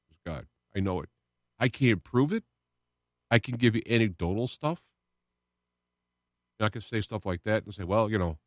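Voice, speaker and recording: In a clean, dry studio recording, a man with a mid-range voice hosts his own internet radio show and speaks about his faith. He's earnest and rambling, restarting sentences as his emotion rises and falls, and at moments he comes close to tears.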